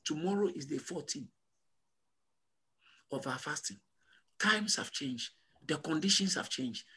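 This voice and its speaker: A man preaching a sermon as pastor, emphatic and repetitive, building to loud call-and-response peaks. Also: a little high, animated, measured pace, breathy edge.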